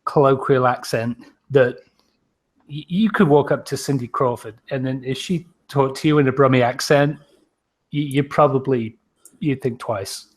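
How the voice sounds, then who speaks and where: A man's voice: mid-range voice, normal speed. A man co-hosting a casual podcast chat, joking and laughing often.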